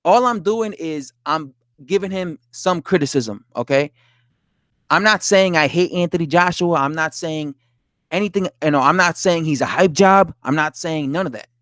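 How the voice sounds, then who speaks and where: A man's voice: on the high side, normal speed, a bit bright, no echo, studio quality. A man live streaming about boxing, reading viewer comments aloud and answering them, swearing and indignant. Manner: talks to chat, reads comments aloud, swears, laughs, indignant. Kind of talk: casual live stream chat.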